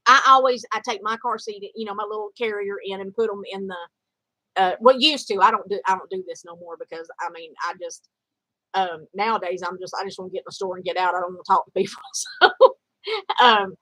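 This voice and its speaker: Lady rambling through a story, lots of um and you know, bright voice, dry close mic. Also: mid-range voice, brisk, no echo, low-quality recording. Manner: rambling, many fillers and restarts. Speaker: vlogger. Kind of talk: casual storytelling.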